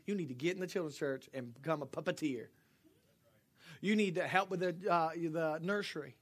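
This time the middle-aged pastor sounds husky and on the high side, at a moderate pace. Preaching his sermon, he trades jokes with the congregation and moves between hushed asides and loud shouting.

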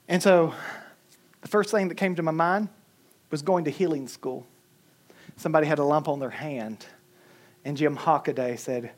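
Man, preacher, sermon, lively joking storyteller, chuckling. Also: fairly high pitch, moderate pace, long pauses. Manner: animated, humorous storytelling with chuckles. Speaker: pastor.

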